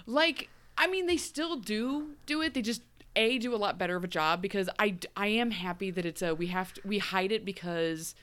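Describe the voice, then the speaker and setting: A woman with a medium-pitched voice speaks at a moderate pace while co-hosting a podcast. She chats casually about a TV episode, animated and rambling, acting out quoted lines from scenes.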